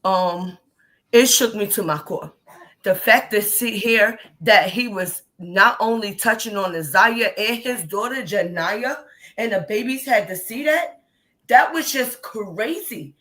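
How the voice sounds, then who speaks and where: A woman in her thirties calls into a live show over a remote line. Her voice sits at an ordinary middle pitch, and she talks in an impassioned, rambling way, circling back and restarting her sentences again and again. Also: animated, unhurried, a bit bright, poor audio. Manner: rambling, emphatic, many restarts. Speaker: caller on a live stream. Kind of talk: impassioned call-in commentary. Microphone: remote call.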